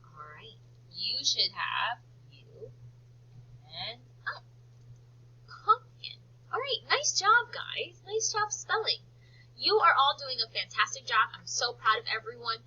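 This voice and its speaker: Bright, lively teacher with a breathy voice. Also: female voice, fairly high pitch, lo-fi sound. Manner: slow, drawn-out word modelling and encouraging praise. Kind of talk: phonics lesson for young children.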